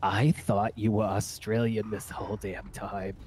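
A man's voice: on the low side, level tone, a little slow, a little mellow, a little hiss or hum. A man playing alongside a streamer in a role-play game, chatting in character with dry jokes. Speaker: fellow role-play player.

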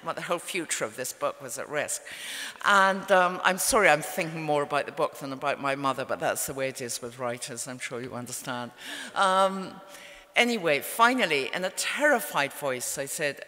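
A woman, an author, giving a measured, wry storytelling talk on stage. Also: deep voice, pushed and bright. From England. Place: event hall with audience. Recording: reverberant hall.

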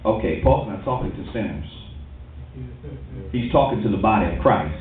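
Black pastor preaching, lively voice up and down, tinny and echoey like recorded from the back of a church. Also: male voice, fairly low pitch, normal speed, distant mic. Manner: lively preaching with call-and-response. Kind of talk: sermon. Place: church hall.

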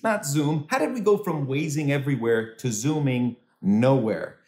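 A man doing a stand-up comedy set from home over a video call, animated and swooping into high voices for quoted people. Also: a little slow, reverberant. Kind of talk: stand-up comedy set for a virtual charity dinner.

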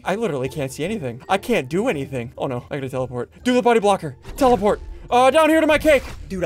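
A man giving excitable, jokey commentary on his own gameplay and saying his moves aloud. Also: fairly high pitch. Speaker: gaming YouTuber.

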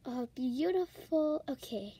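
A woman's voice: high-pitched, expressive, slow pace, dark tone, breathy edge, far from the mic. A woman narrating a toy role-play, chatting to herself and trailing off as she sets things up. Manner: chatty, thinking aloud, trailing off.

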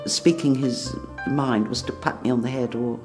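Gravelly older woman reminiscing. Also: extremely low pitch, steady tone, normal speed, music in the background. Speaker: interviewee. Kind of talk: reminiscing interview.

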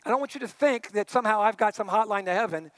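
Male pastor, middle-aged, high voice, conversational sermon, hushed to emphatic. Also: fast, no echo. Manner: conversational preaching, swinging between hushed and emphatic.

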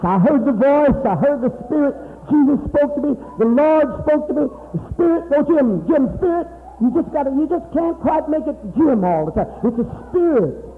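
A man preaching a sermon to his congregation in a mocking, profane manner, swinging between loud outbursts and hushed, confiding talk. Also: very high voice, lively intonation, moderate pace, slight background noise. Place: church hall. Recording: tinny old tape from a reverberant hall.

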